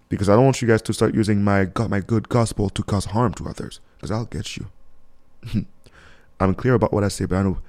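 Young guy hosting a radio advice show, warm mellow voice, preachy and pumped up, laughs a lot. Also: mid-range voice. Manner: emphatic, preachy and motivational, chuckling often. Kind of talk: casual advice talk on radio.

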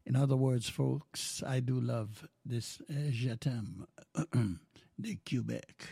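Slow, gravelly older Jamaican radio host. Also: male voice, mid-range voice, steady tone, mellow, no echo. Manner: rambling, folksy, mixes patois into talk. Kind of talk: casual radio chat.

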